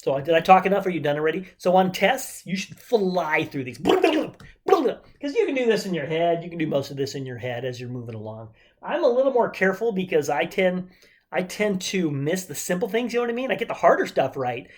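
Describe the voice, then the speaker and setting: A woman's voice: lowish voice, very animated, a little fast. Chatty woman teaching chemistry. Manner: chatty, joking asides while counting aloud. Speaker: chemistry instructor. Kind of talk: casual remote lecture.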